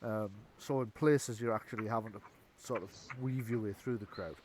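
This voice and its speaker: A man's voice: on the low side, fairly even intonation, normal speed. A man running a tabletop game as game master, chatty and rambling, often correcting himself. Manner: chatty, rambling, lots of fillers and self-corrections. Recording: background hiss.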